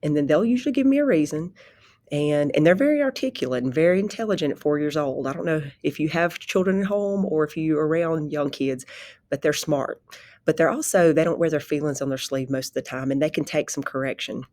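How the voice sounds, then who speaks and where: A woman who teaches pre-K, talking calmly and conversationally about her classroom, often backtracking and restarting sentences. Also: deep voice, a little fast, no room sound. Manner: calm, conversational, rambling with restarts. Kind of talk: informal spoken presentation.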